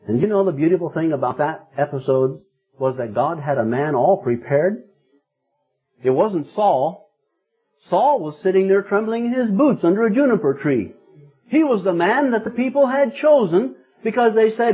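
A man in his fifties preaching a sermon, telling a story and rising to loud, emphatic peaks. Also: a little high, lively intonation, normal speed, breathy edge. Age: 50s. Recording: tinny phone-like sound.

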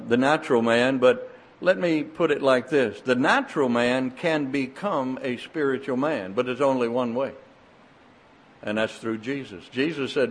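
Animated older male preacher. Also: medium pitch, husky. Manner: folksy storytelling, animated and emphatic. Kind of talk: sermon.

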